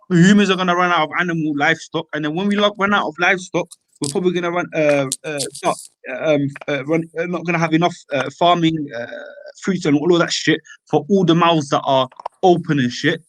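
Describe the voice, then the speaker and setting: Fast-talking young man. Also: on the high side, dry recording. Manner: animated, slangy, repeats filler tags. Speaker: open mic speaker. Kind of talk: casual chat.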